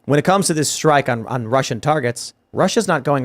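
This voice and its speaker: A man hosting a political talk show, arguing in an emphatic, rapid way. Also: mid-range voice, lively intonation. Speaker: host. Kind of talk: casual political chat.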